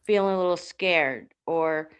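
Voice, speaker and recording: A woman's voice: lowish voice, measured pace, clear, resonant tone. A woman who is a paranormal investigator, talking bluntly in a casual chat, swearing and restarting her sentences.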